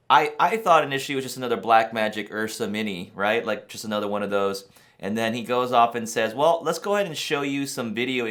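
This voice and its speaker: A man hosting a camera channel, reacting to a new release in a rambling, excitable way and laughing in disbelief. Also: lowish voice. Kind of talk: excited casual reaction vlog.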